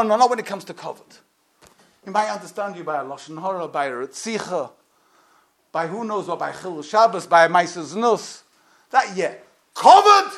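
High-voiced man preaching with passion. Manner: impassioned, swings from loud to hushed. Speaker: rabbi. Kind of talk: sermon.

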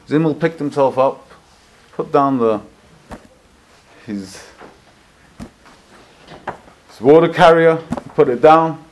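A man preaching as he tells a story, swinging between hushed asides and loud, emotional peaks. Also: on the high side, takes it slowly, long pauses, a little hiss or hum. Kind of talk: storytelling sermon.

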